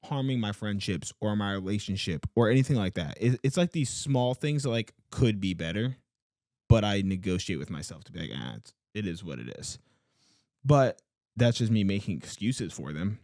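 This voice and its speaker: A man's voice: on the low side, animated, moderate pace, darkish tone, no room sound, clean studio sound. A man co-hosting a podcast, talking earnestly in casual chat, leaning on fillers and emphatic turns. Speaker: podcast co-host.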